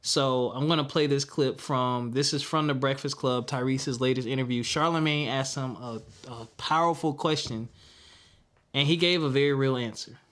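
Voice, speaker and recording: A man's voice: medium pitch, fairly even intonation, moderate pace, fairly bright tone. A man hosting a podcast, talking in a reflective, heartfelt, earnest way. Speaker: podcast host. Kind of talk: reflective casual podcast talk.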